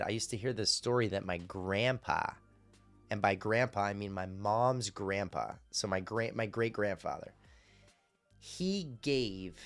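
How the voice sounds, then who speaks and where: A man's voice: fairly low pitch, a bit bright. A man on a live stream chatting casually, loose and rambling, swearing freely and answering his chat as he goes.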